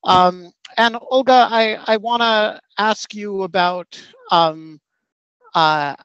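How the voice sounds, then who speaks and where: A man hosting a webinar, speaking haltingly with many hesitations. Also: sits high, fairly bright tone, clear, resonant tone, no room sound, lo-fi sound. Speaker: host. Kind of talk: live outdoor address to webinar. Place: outdoors in a city street.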